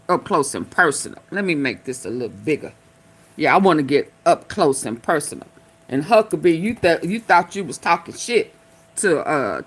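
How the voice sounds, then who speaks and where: A woman's voice: lowish voice, fairly bright tone. A woman hosting a casual live stream, talking back at video clips with sassy, loose slang.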